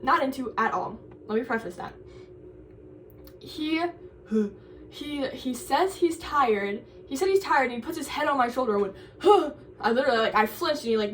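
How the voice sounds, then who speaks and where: A woman's voice: high-pitched, animated, moderate pace, recorded from a distance, a little hiss or hum. A young woman, a college student, chatting casually in a vlog and rambling through a story with lots of "like.". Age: young adult.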